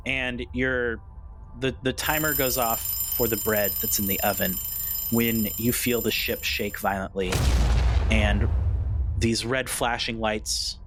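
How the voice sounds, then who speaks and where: A man narrating a tabletop role-playing game as game master, describing scenes loosely with small restarts. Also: fairly low pitch.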